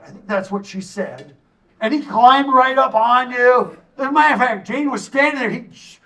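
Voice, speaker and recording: Animated man presenting on a stage, distant mic. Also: extremely high pitch. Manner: animated, storytelling, jokey asides. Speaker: tourism consultant giving a community assessment. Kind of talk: public presentation to a town audience. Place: stage in a hall.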